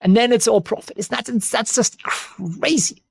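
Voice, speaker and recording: A man hosting an investing channel, giving casual stock analysis with excitable, joking asides and frequent repeats. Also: very high voice, unhurried, creaky, husky, no echo.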